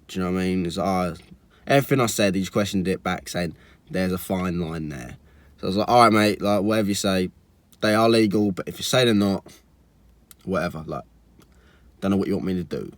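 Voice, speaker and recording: A man's voice: lowish voice, dry recording. A young man, chatty and exasperated, telling a storytime vlog full of likes and restarts. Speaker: car vlogger.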